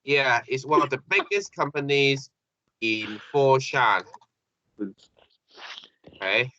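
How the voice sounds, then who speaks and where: A man teaching an English grammar lesson, halting and repeating phrases with many fillers. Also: mid-range voice, pushed and bright, a little hiss or hum. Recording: dull lo-fi classroom recording.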